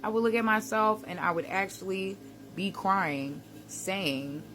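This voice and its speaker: A woman's voice: mid-range voice, unhurried, background noise. A woman giving a casual motivational talk to camera, conversational and reflective, with slang and frequent laughs. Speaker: self-help vlogger.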